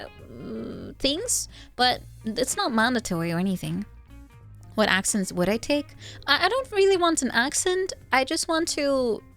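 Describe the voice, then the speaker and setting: A woman from the Netherlands with a Dutch accent, chatting casually as a streamer, giggling often and squealing when excited. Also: fairly high pitch. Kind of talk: casual chat.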